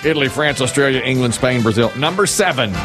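A man's voice: medium pitch, quick pace, over music. A man hosting a quiz game, reading answers and joking with the players. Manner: lively, joking, animated. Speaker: game show host.

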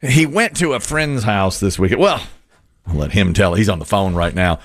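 A man hosts a casual radio talk show, his pitch swinging up and down as he tells stories. He laughs often and keeps the banter loose. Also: moderate pace. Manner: chatty, laughs often, lively storyteller.

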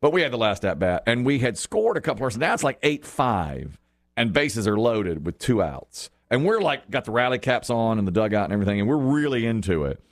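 A man hosting a casual sports talk show, his pitch swinging widely as he tells stories and acts out what others said. He laughs often, and his voice sounds close and dry with no room sound. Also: fairly quick, no room sound. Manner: animated storyteller, acts out quotes, laughs often.

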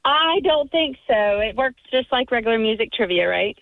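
Woman in her 40s, radio quiz contestant, high lively voice, upbeat. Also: normal speed, gravelly, dry recording, narrow, tinny audio. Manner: upbeat, self-deprecating. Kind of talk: casual chat on a radio show.

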